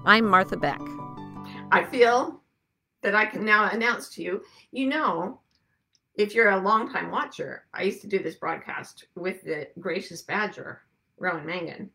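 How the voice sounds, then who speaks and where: A woman's voice: medium pitch, unhurried, creaky, sharp tone, faint music behind. A woman hosting her weekly broadcast, talking to viewers in a rambling, conversational way with frequent asides. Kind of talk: casual monologue to viewers.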